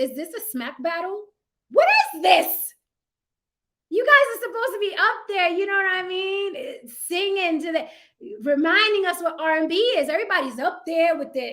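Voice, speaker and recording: Woman livestream host, high voice, blunt and profane, casual opinion chat. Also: a bit bright. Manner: blunt, profane, mocking impressions. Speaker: channel host.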